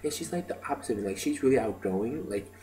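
A man's voice: medium pitch, lively intonation, fast, dark tone, low-quality recording. A man telling stories in a casual video diary, rambling with lots of "like" and "um". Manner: rambling, filler-heavy storytelling with many "like" and "um". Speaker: video diarist.

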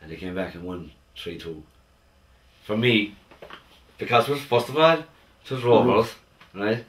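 A man's voice: lowish voice, unhurried, a little hiss or hum. A man, a football supporter thinking aloud in an interview. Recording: distant from the microphone.

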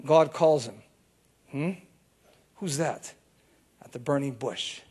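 A male pastor preaching a sermon in an animated, storytelling way, with bursts of shouting. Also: medium pitch, slow pace, breathy edge.

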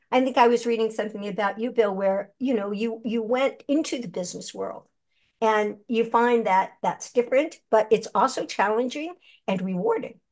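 An older woman, a seasoned actress and voice performer, telling stories animatedly in an interview. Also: a little high. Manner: animated, chatty storyteller who acts out quotes. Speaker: guest, actress and voice actor. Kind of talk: conversational interview.

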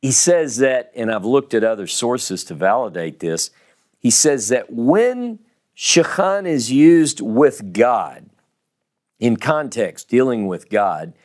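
Southern male Bible teacher, mid-pitched, unhurried, emphatic, repeats words to drive them home. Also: very animated, darkish tone. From American South.

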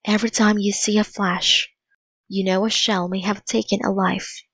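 A woman voicing a grave adult woman who speaks in a solemn, measured way, on a dull lo-fi recording. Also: mid-range voice, level tone, fairly bright tone, slightly rough, no echo.

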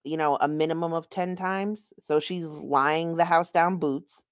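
A woman's voice: low voice, steady tone, measured pace, a little hiss or hum. A woman giving casual, sarcastic and amused reaction commentary on a stream.

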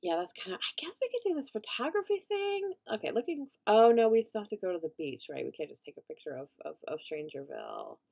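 A young woman giving chatty gameplay commentary as a let's play host, reacting loudly and laughing often. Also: mid-range voice, wildly swooping pitch, quick pace, vocal fry, hardly any pauses.

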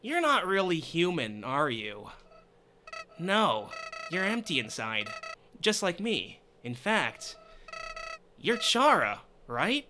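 Give me a man doing a menacing game flower, low and quiet, sinister and sly. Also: huge pitch swings, slow, long pauses, slight background noise, full character voice. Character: menacing talking flower, male, sly and cold.

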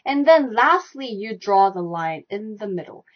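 A woman's voice: mid-range voice, big pitch swings, unhurried. A young woman teaching a live online Korean lesson, repeating stroke directions and sounds over and over as she demonstrates. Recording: dull lo-fi live stream audio.

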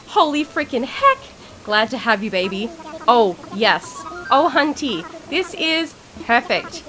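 A woman giving casual gameplay commentary as a YouTuber, gushing, giggly and excitable, with mild swearing. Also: high voice, moderate pace, background noise. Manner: bubbly, giggly. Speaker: gaming YouTuber.

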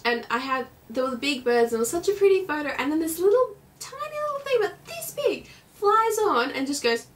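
A teenage Australian girl with an extremely high-pitched, very animated voice chats fairly quickly from her bedroom, recorded from a distance. In her casual vlog, she rambles bubbly and acts out her stories with silly voices.

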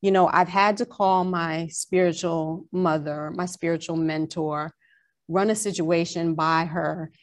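A woman from Long Island with a New York accent, telling a personal faith story in a casual chat as a podcast co-host, animated and slipping into a New York drawl. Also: fairly low pitch, measured pace.

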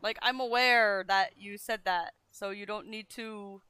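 A woman's voice: mid-range voice, steady tone, unhurried, pushed and bright, clean tone, no room sound. A young woman streaming, talking casually to her chat, flustered and self-deprecating, swearing often as she vents. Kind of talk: casual livestream talk to chat.

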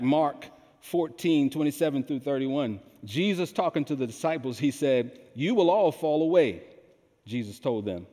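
Slow, emphatic male preacher in reverb. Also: medium pitch, darkish tone. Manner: slow, emphatic delivery with call-and-response questions. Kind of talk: sermon. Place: large church hall. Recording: long hall reverb.

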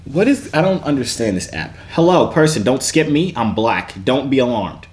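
A man's voice: medium pitch, moderate pace, slight background noise. Man in his twenties teasing strangers. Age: 20s. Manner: teasing, deadpan interrogating. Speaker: YouTuber. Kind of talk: joking video chat with strangers.

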